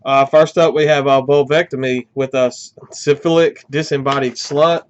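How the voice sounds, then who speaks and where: A man talks through an unboxing in a loose, rambling way, full of "uh" pauses. His voice is smooth and resonant but sounds congested and short of breath. The audio is dull and lo-fi, like a home video. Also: medium pitch, steady tone. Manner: rambling, many "uh" fillers. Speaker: metal music channel host. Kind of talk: casual unboxing chat.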